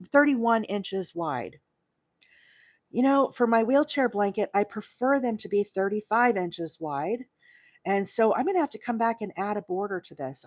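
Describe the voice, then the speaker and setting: A woman's voice: on the high side, dry recording. Woman from Alabama, crochet livestream host, loose self-mocking chatter, dry close mic. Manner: chatty and self-deprecating, with many fillers and asides to viewers. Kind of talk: casual live crochet tutorial.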